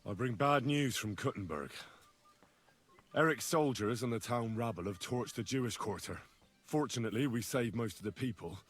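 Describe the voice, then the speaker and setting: Game dialogue: male actor as an earnest young squire, husky, mid-pitched. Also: animated, normal speed, close to an everyday voice. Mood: solemn. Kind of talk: video game voice acting.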